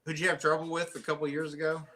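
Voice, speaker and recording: A man's voice: on the high side, completely flat delivery, quick pace, bright, forceful tone. A man chatting casually, mostly agreeing and adding short remarks. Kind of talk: casual chat.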